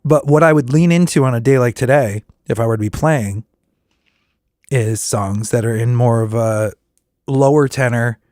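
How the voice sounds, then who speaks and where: A man's voice: mid-range voice, normal speed, dry recording, clean studio sound. Tired-voiced man musing on his craft. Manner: rambling, self-correcting, talks through vocal warm-ups. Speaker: podcast host and working musician. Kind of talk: casual solo reflection.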